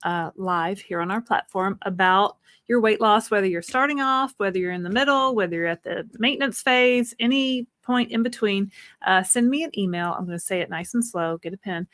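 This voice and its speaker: A chatty middle-aged woman co-hosting a live stream, laughing easily as she hands out practical tips. Her voice sits in a middle pitch and sounds close and dry, with no room around it. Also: normal speed, fairly bright tone, dry recording. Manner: chatty, laughs often, gives practical advice. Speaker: co-host of a weight-loss livestream. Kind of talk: casual live-stream chat.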